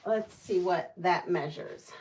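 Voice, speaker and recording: A woman's voice: fairly low pitch, slow pace, a little mellow, a little hiss or hum. A woman hosting a casual livestream, chatting and laughing with viewers. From United States. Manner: chatty, laughs often, reads viewer comments aloud. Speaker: livestream host.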